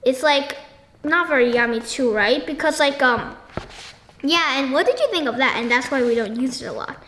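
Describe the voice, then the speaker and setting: High-voiced woman in an echoey room. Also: expressive, fairly bright tone. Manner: halting, searching for words with many ums and restarts; asks the listener frequent questions. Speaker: book discussion host. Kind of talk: casual book discussion with questions to listeners. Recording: echoey room with faint noise.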